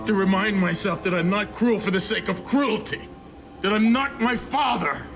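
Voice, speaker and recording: An actor playing a brooding grown man confessing a dark past, in a slow, grave, halting voice. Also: high-pitched, music in the background. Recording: TV clip with noisy background.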